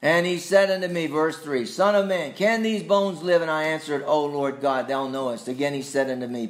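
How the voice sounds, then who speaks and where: A man preaching a sermon, slow and deliberate, with sudden emphatic rises and quiet asides. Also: on the high side. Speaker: pastor.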